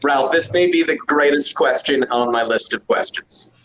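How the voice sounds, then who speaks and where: A man with a somewhat high voice asks a guest playful, teasing questions in casual chat. A faint hiss sits under the recording. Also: moderate pace, fairly bright tone, low-quality recording. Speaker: podcast host asking questions.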